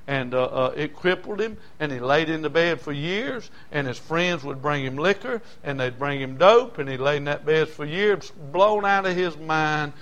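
An older man preaching with a drawl, his voice sitting a little high for a man. He tells stories quietly, then rises into fervent, shouting appeals to the congregation. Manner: impassioned, swings from hushed to shouting. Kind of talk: sermon.

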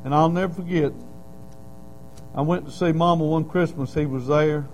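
High-voiced preacher man. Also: steady tone, moderate pace, darkish tone, slight background noise, poor audio. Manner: folksy storytelling, building to emphatic cries. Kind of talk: sermon.

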